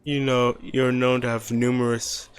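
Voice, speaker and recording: A man voicing a fawning male TV interviewer who asks eager, flattering questions. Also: mid-range voice, a little slow, clean tone, soft background music, pitched above the performer's own voice, natural voice.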